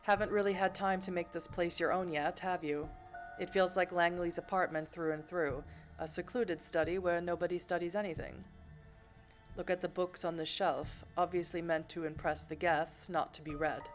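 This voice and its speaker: A woman's voice: lowish voice, steady tone, normal speed, faint music behind, close to an everyday voice. A woman reading a polite vampire sheriff. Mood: mocking. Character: smooth, polite male vampire sheriff, quietly menacing.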